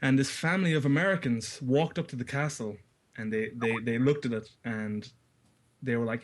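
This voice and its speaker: A man's voice: medium pitch, moderate pace, slight background noise. An Irish man on a voice-chat talk show, ranting boastfully and swearing often. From Ireland. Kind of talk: crude casual chat.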